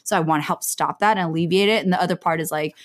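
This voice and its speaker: A woman in her thirties chats on a podcast in a thoughtful, rambling way, full of "like" and "you know." Her voice sits a little low. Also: rapid-fire. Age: 30s. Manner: reflective, chatty, lots of "like". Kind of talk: casual podcast chat.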